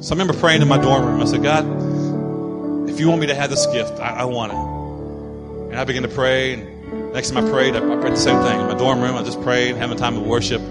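A man's voice: medium pitch, fast. A man preaching as a pastor, telling a story and acting out the voices of the people in it. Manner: animated, acts out voices of people in his stories. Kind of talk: sermon with storytelling. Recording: long hall reverb with loud music behind. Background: musicians playing.

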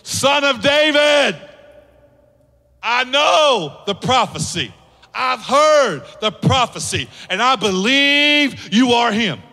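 A man voicing a desperate blind male beggar crying out loudly, with long church reverb. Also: extremely high pitch, big pitch swings, slow, pitched above the performer's own voice, heavily acted.

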